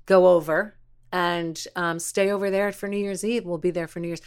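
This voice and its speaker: A woman's voice: on the low side, fairly even intonation, moderate pace, smooth. A woman co-hosting a podcast in casual chat, chatty and playful, laughing often. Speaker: podcast co-host.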